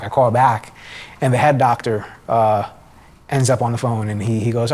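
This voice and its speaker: A man's voice: medium pitch, fairly even intonation, a little slow, long pauses. A young man giving a personal testimony in church, telling his story conversationally with many restarts. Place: church sanctuary.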